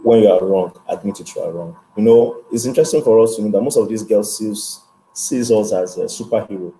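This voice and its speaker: A man's voice: on the low side, fairly quick, warm tone, rough recording. A man as a guest speaker, giving earnest, instructive advice in an interview. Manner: earnest, instructive, checks in with "okay?".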